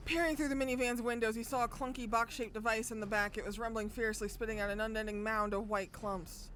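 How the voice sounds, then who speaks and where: A young woman streamer with a bright, sharp, slightly high voice reads a visual novel aloud. She moves between even narration and loud, excitable outbursts full of swearing. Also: fast, hardly any pauses. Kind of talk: reading a visual novel aloud with live reactions.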